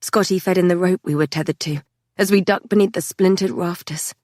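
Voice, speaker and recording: Low-voiced woman narrating an audiobook. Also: steady tone, brisk, darkish tone, dry recording, studio quality. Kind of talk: dramatic first-person audiobook narration.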